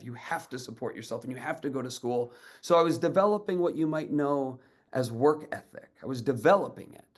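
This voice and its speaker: Speaking at a medium pitch, a man in his thirties delivers a storytelling talk as an educator and speaker. He brings the characters in his story to life with energetic voices.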